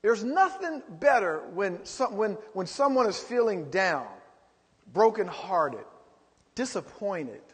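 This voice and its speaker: A man's voice: high voice, very animated, takes it slowly, breathy edge, long reverb tail. A man preaching a sermon as pastor, rising into emphatic calls to the congregation.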